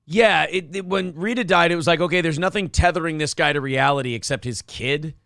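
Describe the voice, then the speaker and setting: A man's voice: a little high, fairly quick, creaky, a bit bright, dry recording, clean studio sound. A man co-hosting a casual comedic morning show, riffing profanely and acting out quotes. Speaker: co-host. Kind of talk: casual comedic news chat.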